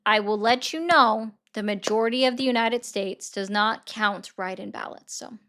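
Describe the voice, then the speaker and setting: A woman's voice: fairly high pitch, normal speed, a bit bright. A woman hosting a livestream in a casual, rambling way, answering viewer comments and thanking viewers. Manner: chatty, rambling, reads viewer comments aloud. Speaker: livestream host.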